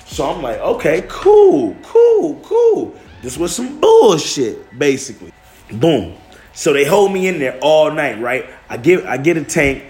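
Animated storyteller man from Detroit. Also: a little high, normal speed. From Detroit, USA. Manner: animated, acts out other people's lines, peppered with "bro". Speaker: podcast storyteller. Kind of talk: casual podcast storytelling.

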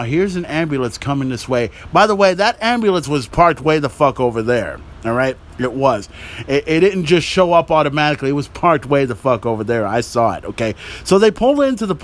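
A man hosting a podcast, recapping wrestling in a profane, excitable, mocking rant. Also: medium pitch. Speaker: podcast host.

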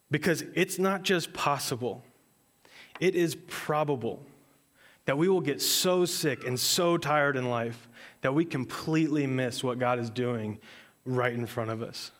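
A man's voice: medium pitch, slow pace, long pauses, fairly bright tone. A man in his thirties, a pastor preaching a sermon in a conversational, earnest storytelling way.

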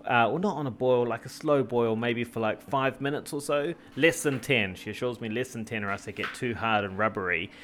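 Talking a little fast with hardly any pauses, this travel vlogger hosts a laid-back cooking show in a rambling, jokey style full of fillers and restarts. His voice is mid-range with a fairly bright tone, over slight background noise.

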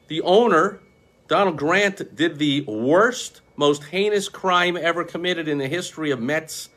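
A man's voice: fairly high pitch, a bit bright. A middle-aged man from New York talking casually and passionately to camera, rambling through memories and reeling off statistics. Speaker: vlogger, baseball fan.

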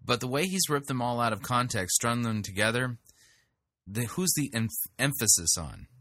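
A man's voice: mid-range voice, expressive, normal speed, bright, forceful tone, dry recording, studio quality. A man commenting on sermon clips, blunt and sarcastic in his interjections. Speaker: sermon reviewer. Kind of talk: critical commentary over clips.

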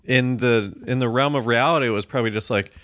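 A man co-hosting a podcast in a relaxed casual chat, agreeing often with short replies. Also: medium pitch, fast talker, no room sound, clean studio sound. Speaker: podcast co-host.

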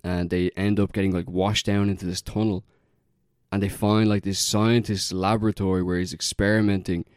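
Low-voiced man rambling with a laugh. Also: flat delivery, normal speed, darkish tone, no echo, clean studio sound. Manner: rambling, laughing, many fillers and "like". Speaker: podcast co-host. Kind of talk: casual chat.

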